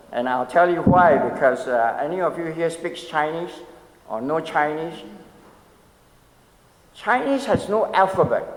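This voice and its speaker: An older man in his seventies preaches in a church, his slightly raised voice carrying a long, roomy reverb. He tells stories in a relaxed, conversational way, pausing to ask the congregation questions and adding gentle humor. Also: high-pitched. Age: 70s. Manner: storytelling, asks the audience questions, light humor. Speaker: pastor. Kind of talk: conversational sermon meditation. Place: church sanctuary.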